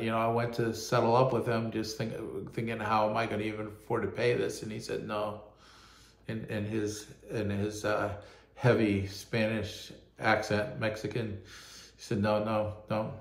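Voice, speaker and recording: A man, a pastor, telling a personal testimony in an earnest, halting way, often repeating words as he goes. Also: medium pitch, roomy sound.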